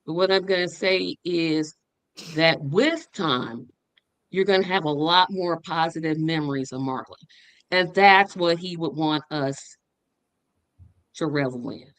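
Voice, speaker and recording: A woman's voice: low-pitched, unhurried, a bit bright, no room sound, low-quality recording. A woman giving an earnest, faith-filled memorial tribute over a video call, with a touch of humor. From living in Indianapolis. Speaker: memorial speaker.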